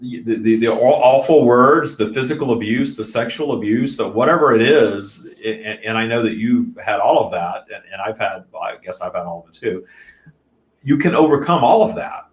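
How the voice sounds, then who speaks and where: A man's voice: medium pitch, normal speed. A man hosting a spiritual live stream, talking earnestly and reflectively in a casual way. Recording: echoey room.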